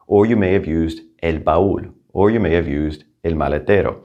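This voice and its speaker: Male language teacher, deep voice, upbeat, clear repetition drills. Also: moderate pace, hardly any pauses, a little mellow, muffled recording. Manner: upbeat, repeats each practice sentence twice. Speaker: Spanish teacher. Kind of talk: language lesson.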